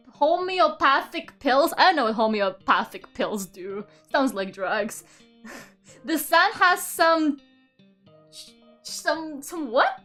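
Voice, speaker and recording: High-voiced young woman streamer, incredulous. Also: fairly bright tone. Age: young adult. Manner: incredulous, swears casually, laughs often. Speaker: VTuber streamer. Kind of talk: reading aloud and chatting with viewers.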